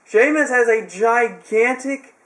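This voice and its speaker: A man's voice: extremely high pitch, slow pace, fairly bright tone. A young man casually recapping a wrestling show, rambling with sarcastic asides.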